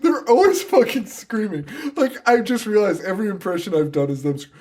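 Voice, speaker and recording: A man co-hosting a podcast in casual chat, animated, laughing often and swearing freely while acting out mocking impressions. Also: high voice, brisk. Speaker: podcast co-host.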